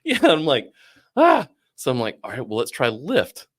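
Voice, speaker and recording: A middle-aged man telling a long story casually, animated, swearing and acting out what others said. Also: medium pitch, brisk. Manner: animated, swearing, acts out quoted voices. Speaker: podcast guest.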